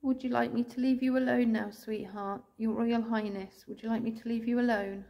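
An English woman ghost hunter calling out to spirits indoors, speaking slowly and tenderly, sometimes tearful, recorded on a handheld camera. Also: a little high, fairly even intonation, creaky. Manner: soft, pleading, slow and tender, calling out with endearments. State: tearful at times.

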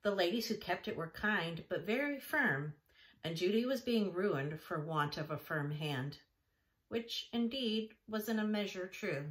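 A woman reading a classic children's novel aloud in a gentle, even narration. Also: mid-range voice, a little slow. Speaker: audiobook reader. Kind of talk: storybook narration.

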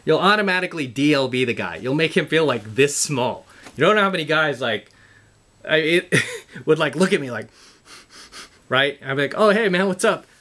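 In a slightly high, animated and sharp voice at normal speed, a man gives a profane motivational talk to camera as a self-improvement vlogger. He repeatedly lectures his "guys" with blunt emphasis.

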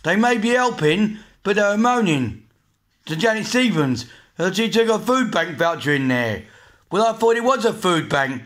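A man's voice: high voice, sing-song, moderate pace, a bit bright. An English man in his forties ranting angrily to camera, blunt and repetitive, swearing often. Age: 40s. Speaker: vlogger. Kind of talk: angry rant to camera.

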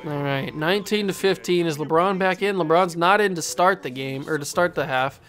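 A young man giving casual live commentary on a basketball video game, getting worked up and yelling at his players, then owning his mistakes. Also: a little high, moderate pace. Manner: excitable, yells at his players, then blames himself. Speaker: gaming YouTuber playing a basketball video game.

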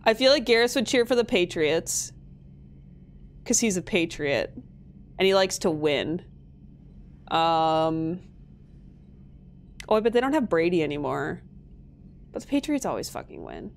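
A young woman from Minnesota giving casual gameplay commentary, chatty, swearing freely and laughing often. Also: mid-range voice. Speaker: streamer.

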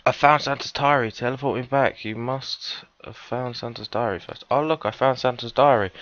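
A man giving cheeky, casual gameplay commentary, swearing often and breaking into sudden high, excited yelps. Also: moderate pace, dull audio. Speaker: let's player.

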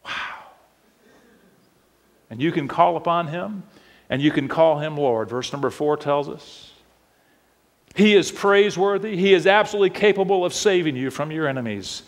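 A man preaches from the pulpit in a high, ringing voice. He drops to a hush and then climbs to shouts. His words trail off into the long echo of a church sanctuary. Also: lively intonation, normal speed. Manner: preaching with big swings from hushed to shouting. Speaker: pastor. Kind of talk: sermon. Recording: long reverb of a church hall.

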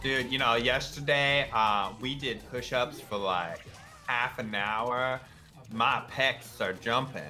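A woman's voice: a bass voice, takes it slowly, pushed and bright, faint music behind. A young woman chatting casually and joking with friends during an online game. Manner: goofy, jokey banter. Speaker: gamer streaming with friends. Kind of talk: casual gaming chat.

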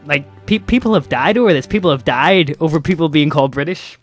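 A man's voice: on the high side, lively intonation, quick pace, faint music behind. A man with a Northern Irish accent co-hosting a let's play, teasing and playfully mock-commentating the action. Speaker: co-host gamer.

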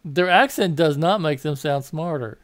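In a dry recording, a man with a fairly high-pitched voice talks at normal speed in a Southern American accent. He's a political commentator whose rambling monologue is full of self-corrections and laughter at his own asides.

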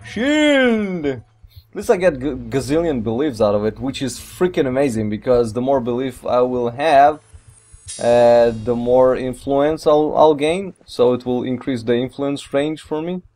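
Brief: male let's player, mid-pitched, excitable and rambling, with non-native English phrasing. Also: normal speed. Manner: excitable, rambling, mild swearing. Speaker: let's play gamer. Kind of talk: gameplay commentary.

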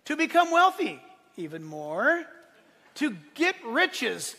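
A male pastor preaching a sermon, swinging between loud, emphatic declarations and quiet asides. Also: very high voice, very animated, measured pace, slightly rough. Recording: long hall reverb.

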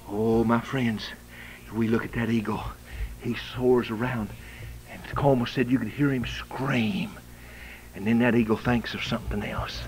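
A male pastor preaching a fiery revival sermon in a church, swinging from shouting to hushed whispers, with a Southern US accent. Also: mid-range voice, fairly even intonation, unhurried, poor audio. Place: church sanctuary.

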